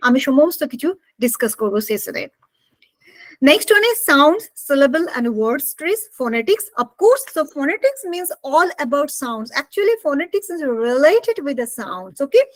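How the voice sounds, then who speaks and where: A woman's voice: high-pitched, big pitch swings, quick pace. A woman with a Bengali accent teaching spoken English in an online class, mixing English and Bengali and quizzing her students. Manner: mixes English and Bengali, asks students questions.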